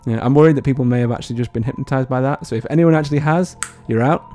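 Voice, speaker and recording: A man's voice: medium pitch, rapid-fire, warm tone, soft background music. A young man telling a story in a casual podcast chat, swearing and laughing often. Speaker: podcast co-host.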